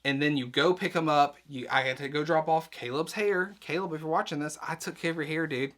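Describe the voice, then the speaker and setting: Young male vlogger, rambling storyteller, bright tone. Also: a little high. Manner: rambling storytelling, quick asides. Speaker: vlog host, nurse practitioner student. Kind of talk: casual chat.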